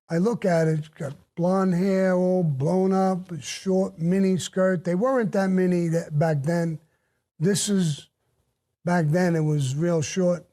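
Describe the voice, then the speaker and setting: A man's voice: sits high, dark tone. An older man bluntly recounting his past in a casual, profane storytelling way, with faint music behind.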